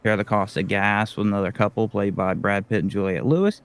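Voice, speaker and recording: Smooth, low-voiced male podcast host. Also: fairly even intonation, fairly quick. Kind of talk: casual film review chat.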